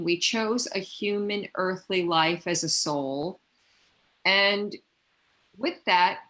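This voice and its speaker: A woman speaking as a guest in a spiritual conversation, gentle and heartfelt, often restarting her sentences. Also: mid-range voice, poor audio.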